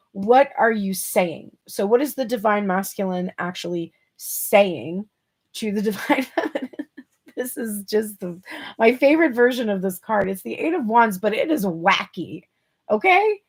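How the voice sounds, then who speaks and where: A woman's voice: a little high, slightly rough. A woman giving a casual tarot reading, chatty and playful, laughing often and swearing casually. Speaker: tarot reader.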